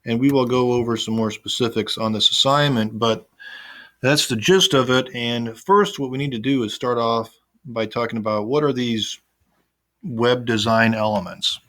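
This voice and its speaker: A man teaching a class over a screen recording at a mid pitch. He talks in a relaxed, conversational way, pausing with "uh" and "um" and restarting his sentences as he clicks through slides at his desk. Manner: casual and conversational, with frequent fillers and restarts. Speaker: instructor. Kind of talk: recorded online lecture with screen share.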